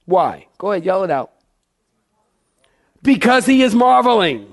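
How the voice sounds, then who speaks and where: Emphatic preaching man, fairly high voice. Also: big pitch swings, a little slow. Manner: emphatic preaching, calls on the congregation to answer. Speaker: pastor. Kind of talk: sermon.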